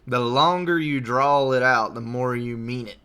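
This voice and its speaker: Drawling Southern man, bright voice. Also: medium pitch, smooth. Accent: Southern US drawl (Alabama). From southern Alabama, US. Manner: drawls words out slowly. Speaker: game commentator. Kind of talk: casual spoken intro to a game cast.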